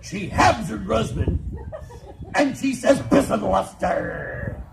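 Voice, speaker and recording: A man on an outdoor fair stage tells a comic tale packed with tangled spoonerisms and quick wisecracks. His voice is high and jumps around a lot. It is caught on a phone in the audience with the fair's noise clearly behind. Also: big pitch swings. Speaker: festival storyteller. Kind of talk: comic stage storytelling to a crowd.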